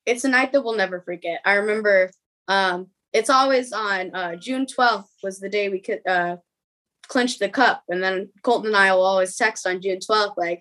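A young woman, a podcast guest, telling a story in a rapid, emotional way, with many ums and quoted dialogue. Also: mid-range voice, a bit bright, rough recording.

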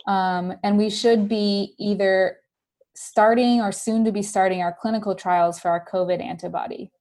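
A woman appearing as a guest scientist in a casual chat, giving updates in a relaxed, friendly, measured way. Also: mid-range voice.

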